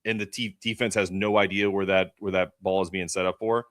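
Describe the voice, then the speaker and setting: A man's voice: low voice, fairly even intonation, brisk, a bit bright, no room sound, clean studio sound. A man co-hosting a sports podcast, laid-back as he breaks down basketball plays. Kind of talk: casual sports podcast chat.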